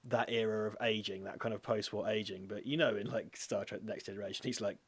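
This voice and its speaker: A man's voice: on the low side, steady tone, fairly quick, breathy edge, no room sound. A young British man co-hosting a casual chat, rambling, swearing and mocking himself. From Britain. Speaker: podcast co-host.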